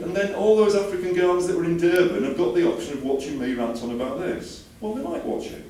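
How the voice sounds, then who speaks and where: A man's voice: a little high, very animated, fast, few pauses, mellow. A man giving a chatty, enthusiastic conference talk with jokey asides, from the UK. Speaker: conference speaker. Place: conference hall. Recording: roomy hall, distant mic, faint ambience.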